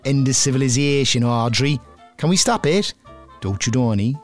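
A man's voice: mid-range voice, lively intonation, moderate pace, soft background music, close to an everyday voice. An actor playing a brash, slangy working-class man with a Cork City accent in a comedy sketch. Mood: mocking.

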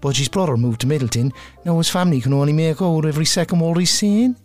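A man's voice: on the high side, quick pace, a little mellow, faint music behind, lightly acted. Man playing a brash Cork city lad. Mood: mocking. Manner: brash, slangy, mocking. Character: cocky working-class Cork city man. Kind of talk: comedy sketch acting.

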